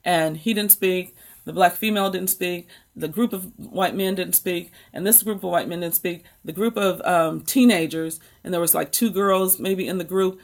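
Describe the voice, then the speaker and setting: Chatty American woman with a gravelly edge. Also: on the low side, normal speed. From United States. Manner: chatty and rambling, talks straight to viewers. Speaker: book channel host. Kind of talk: casual live-stream chat.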